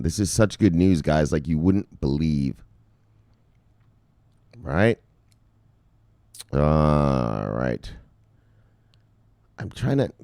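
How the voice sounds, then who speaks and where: A man from Canada giving excitable, profane crypto news commentary, repeating himself and calling viewers brothers. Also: sits low, no room sound.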